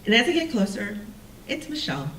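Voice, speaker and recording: A woman telling a personal story on stage, animated and self-mocking, acting out the people she quotes. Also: mid-range voice, fairly quick, a little hiss or hum. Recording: roomy sound from a distant mic with faint ambience.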